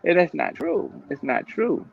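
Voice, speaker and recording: Gravelly lively man hosting a loose chat. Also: high voice, a little slow. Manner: loose and chatty, heavy on filler and frank swearing. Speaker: host. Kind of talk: casual chat. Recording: dull lo-fi recording.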